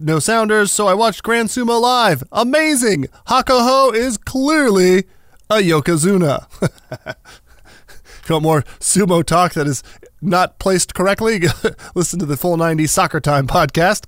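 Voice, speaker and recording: A man's voice: mid-range voice, dry recording, clean studio sound. A man hosting a casual radio news and chat segment, joking and laughing often. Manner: jokey, laughs often, animated. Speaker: radio show host.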